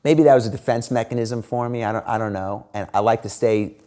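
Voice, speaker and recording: A man's voice: on the low side, fast talker. A middle-aged man, an interview guest, telling stories casually with many fillers and acted-out quotes. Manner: animated, lots of fillers and quoted dialogue. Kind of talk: casual storytelling.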